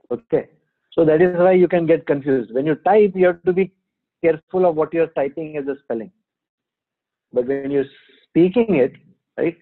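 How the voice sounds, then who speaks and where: A man teaching a Sanskrit class on a video call, patiently sounding out letters and quizzing his students. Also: a little high. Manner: patient, repeats sounds slowly, asks students questions. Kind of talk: online class, explaining pronunciation. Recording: phone-like narrow band.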